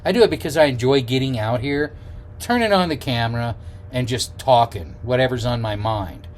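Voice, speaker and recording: A middle-aged man vlogs his travels outdoors on the road, talking to camera in a casual, rambling way full of fillers and false starts. He has a medium-pitched voice and a moderate pace.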